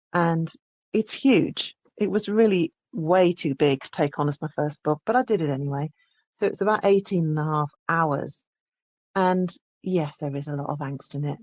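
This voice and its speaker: A woman's voice: deep voice, a little mellow, no echo. A woman audiobook narrator from England, telling her story in a chatty, reflective interview. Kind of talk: casual interview conversation.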